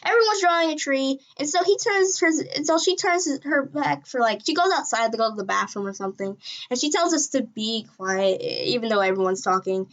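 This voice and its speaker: Excitable, rambling woman storyteller. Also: a little fast. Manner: excitable and rambling, with sudden jumps in pitch and loudness. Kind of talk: casual storytime narration.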